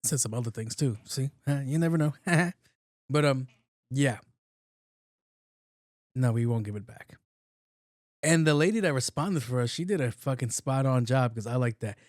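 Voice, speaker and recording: Podcast host, man in his late thirties, casual and profane, mid-pitched voice, dry close sound. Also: lively intonation, normal speed, long pauses, darkish tone, dry recording. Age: 30s. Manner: loose, profane, repeats himself. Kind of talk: casual solo podcast commentary.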